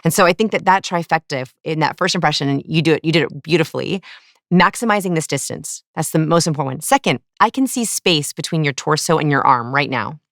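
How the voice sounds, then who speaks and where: Low-voiced woman explaining eagerly. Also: fairly quick, dry recording, clean studio sound. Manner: animated, explanatory, acts out examples. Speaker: guest, body language expert. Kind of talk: interview explaining.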